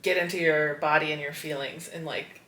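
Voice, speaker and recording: A woman's voice: sits low, steady tone, normal speed, pushed and bright, reverberant, low-quality recording. A woman co-hosting a podcast in casual chat, earnest and giggly. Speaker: podcast co-host.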